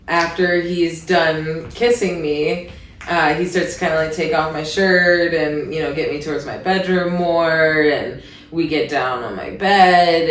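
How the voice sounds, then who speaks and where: A woman from Iowa hosting a podcast, telling a candid story in a chatty, casual way with wry asides. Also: low voice. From Iowa, USA. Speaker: podcast host. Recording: roomy echo.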